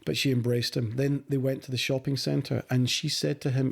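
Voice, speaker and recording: A man's voice: mid-range voice, flat delivery, moderate pace, vocal fry, husky. A man co-hosting a casual film-review podcast, eagerly retelling the plot with stumbling restarts. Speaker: podcast co-host.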